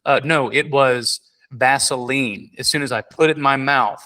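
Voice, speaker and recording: A man hosting a podcast in casual chat, telling animated stories with many fillers and restarts. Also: medium pitch, moderate pace. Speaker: podcast host.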